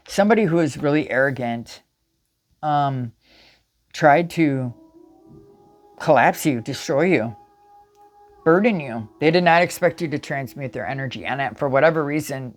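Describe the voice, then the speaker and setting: A woman giving a casual spiritual tarot reading straight to viewers, emphatic and repetitive. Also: extremely low pitch. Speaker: tarot reader.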